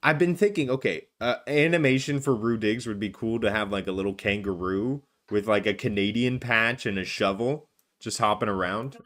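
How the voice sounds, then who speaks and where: A man with a fairly low voice co-hosting a gaming podcast. He talks in an upbeat, loose, casual way, full of filler words and restarts. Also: moderate pace, fairly bright tone. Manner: chatty, filler-heavy, upbeat. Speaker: podcast co-host.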